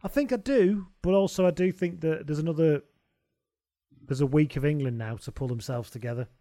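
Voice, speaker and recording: A man's voice: a little high, fairly quick, mellow, no room sound. A man co-hosting a casual sports chat, with dry, wry asides and casual swearing. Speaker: podcast co-host.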